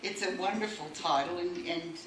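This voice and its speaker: A woman's voice: fairly low pitch, moderate pace, distant mic. A woman giving a wry speech at a book launch and reading a poem aloud. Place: bookshop room. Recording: echoey room recorded from afar, faint noise.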